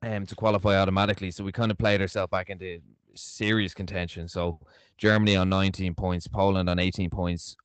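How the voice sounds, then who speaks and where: A man's voice: low-pitched, flat delivery, a little fast, smooth, dry recording. A man from Ireland recapping a football campaign in casual podcast chat, thinking aloud. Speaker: podcast co-host.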